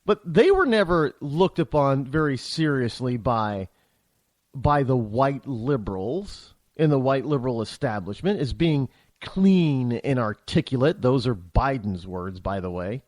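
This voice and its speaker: A man's voice: medium pitch, animated, a little slow, a little mellow, dry recording. A man hosting a talk show, delivering a heated, opinionated political monologue that rambles with frequent restarts.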